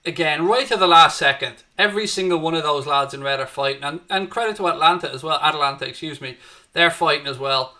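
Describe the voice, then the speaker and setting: An Irish man hosts a live football watchalong with a bright, forceful voice. He greets his viewers by name and calls the play as it happens. His voice sits somewhat high for a man. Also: fast. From Ireland. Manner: chatty, greets viewers and reads their chat, lifts up at match action. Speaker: host of a live match watchalong. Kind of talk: live fan commentary on a streamed watchalong.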